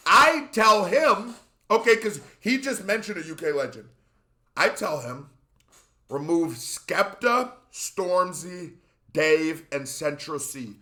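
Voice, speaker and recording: Male reaction host, high and bright, impassioned rants, echoey room. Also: expressive, slow pace. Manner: impassioned, ranting, shouts at times. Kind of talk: animated reaction commentary.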